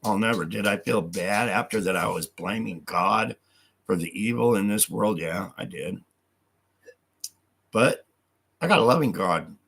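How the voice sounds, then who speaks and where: Man, live-stream rant, low gravelly voice, profane, reads out comments and argues back. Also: fairly bright tone. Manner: angry, profane, reads hostile comments aloud and rebuts them; speaks of God and his own story with heavy conviction.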